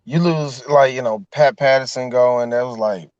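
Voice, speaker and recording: A man's voice: mid-range voice, moderate pace, darkish tone, no echo. A man co-hosting a podcast in casual, profane banter, laughing often. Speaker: podcast co-host. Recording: dull, lo-fi dry audio.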